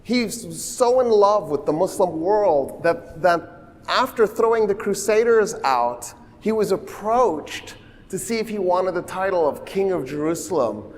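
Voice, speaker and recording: Guy giving a history lecture, jokey and chatty, slightly high voice, big hall echo. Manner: animated, joking, conversational with asides and quick impressions. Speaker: university lecturer. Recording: reverberant hall sound.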